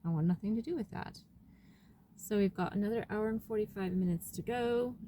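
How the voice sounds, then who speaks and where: This van-life vlogger speaks in a mid-range, mellow voice at a fairly quick pace as she chats to herself from her camper about cleaning up and her road trip. There's a little hiss or hum in the audio.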